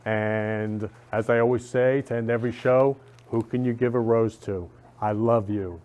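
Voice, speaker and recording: A man's voice: mid-range voice, fairly even intonation, moderate pace. A man hosting a casual talk show, effusive and affectionate, with faint guitar music behind him. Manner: warm, effusive, says love often. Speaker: show host.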